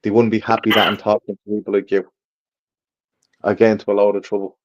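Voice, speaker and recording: Irish bloke joking around on a podcast, lowish voice, kinda muffled lo-fi audio. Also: male voice, flat delivery, fast, a little hiss or hum. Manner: teasing, laughs often. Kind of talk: casual joking podcast banter.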